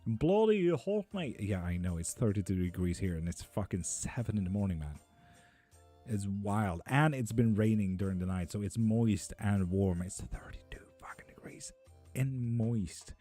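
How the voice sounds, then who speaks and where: A man's voice: lowish voice, normal speed, warm tone, soft background music. A man chatting on a live stream as a tarot reader, reading out viewer comments, casual and sweary with frequent laughs. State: hot and sticky.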